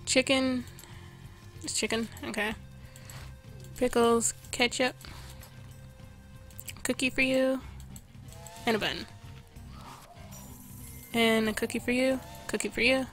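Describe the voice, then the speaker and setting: A woman's voice: on the high side, steady tone, takes it slowly, long pauses, a bit bright. Chatty woman narrating a cooking game. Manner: chatty, reads out orders to customers while playing. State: losing her voice. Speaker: gameplay video host. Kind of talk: casual let's-play commentary. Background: game music.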